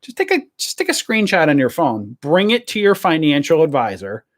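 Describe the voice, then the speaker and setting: A man's voice: a little high, very animated, normal speed. A man hosting a stock trading channel, ranting to camera in a blunt, rambling way and swearing freely.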